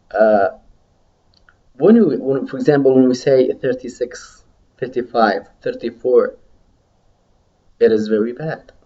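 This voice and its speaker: A man teaching medical English in a recorded lecture, modelling numbers slowly for students to repeat after him. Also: medium pitch, warm tone, highs cut off.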